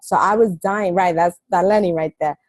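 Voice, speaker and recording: A woman's voice: fairly low pitch, normal speed, a little mellow, no room sound. A woman coaching on a team call, telling stories in a chatty way with many fillers. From New York. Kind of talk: casual team call talk.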